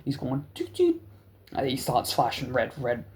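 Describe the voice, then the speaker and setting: A man's voice: medium pitch, little pitch movement, normal speed. A young adult man, telling a rambling, profane story as a vlog host. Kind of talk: casual storytelling.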